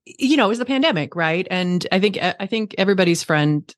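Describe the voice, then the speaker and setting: A woman's voice: lowish voice, lively intonation, brisk, no echo, studio quality. A woman guest on a podcast, telling a story in a rambling way with many fillers. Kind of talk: casual podcast chat.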